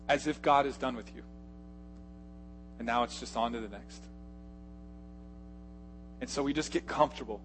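A male pastor preaching a sermon, swinging from loud, punchy lines to hushed, quiet asides. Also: a little high, slight background noise.

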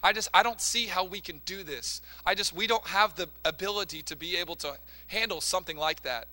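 An eager, doting mother speaks in a raised, very bright voice, as a preacher puts her on. She fusses warmly over her son in a quick, high register. The voice has a tense, sharp edge. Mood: hesitant. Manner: excited and fussing, then hesitant.

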